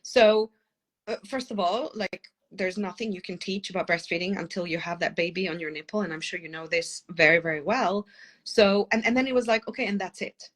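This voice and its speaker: A middle-aged woman, a parenting coach, talking passionately and at length in a podcast interview while she has a cold. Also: on the low side. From former lawyer living in London. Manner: passionate, fast, tangent-prone.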